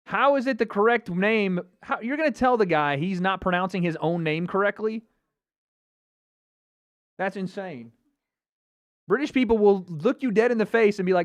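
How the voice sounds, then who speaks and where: A man's voice: high-pitched, normal speed, long pauses, no echo. A man hosting a casual livestream watch party, chatting and reacting to viewer comments. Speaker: livestream host.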